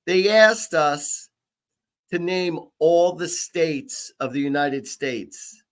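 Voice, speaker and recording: A boastful, blustering sitcom sidekick, played in a raised and excited voice, as a male host puts him on. He sounds pleased with himself, in the tone of an old television comedy. The voice sits well above the host's normal pitch. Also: slow pace.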